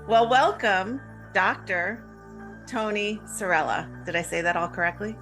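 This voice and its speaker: A woman hosting a podcast, speaking gently and reflectively, asking probing questions. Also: mid-range voice, a little slow. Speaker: podcast host. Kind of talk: reflective podcast host address. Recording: voice over clear background music.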